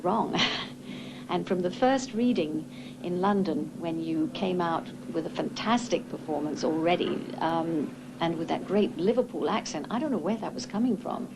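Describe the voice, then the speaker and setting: A woman's voice: fairly low pitch, moderate pace, noisy background. A woman recording a fond, chatty message from a backstage dressing room. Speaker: guest sending a message.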